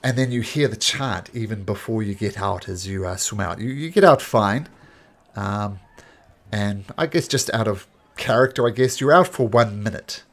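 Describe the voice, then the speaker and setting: A man's voice: lowish voice, lively intonation, moderate pace. A man narrating as a tabletop game master, rambling with many fillers.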